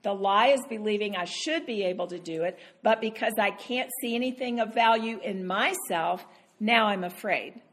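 A woman's voice: mid-range voice, moderate pace, a bit bright. A woman, giving a conversational sermon as a Bible teacher, earnest and acting out her own inner voice.

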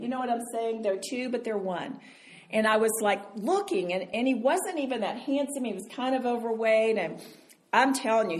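An older woman giving a storytelling sermon as a Bible teacher, chatty and animated. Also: fairly high pitch. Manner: animated, chatty storyteller who laughs often. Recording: roomy hall sound with faint noise.

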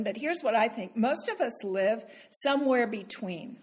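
A woman teaching a sermon to women, animated and self-deprecating, laughing often as she talks. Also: a little high, normal speed.

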